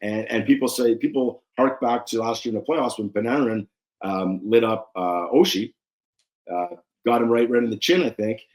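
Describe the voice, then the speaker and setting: Ex-ref guy on a podcast, tells stories with lots of energy, normal pitch. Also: normal speed. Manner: animated storyteller, acts out quotes with raised pitch. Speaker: former referee, rules analyst guest. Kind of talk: casual interview storytelling.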